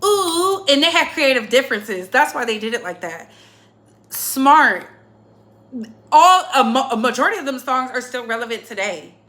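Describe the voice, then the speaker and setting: A woman's voice: on the high side, lively intonation, moderate pace, pushed and bright. A young adult woman hosting a casual music chat, playful and laughing often. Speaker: host.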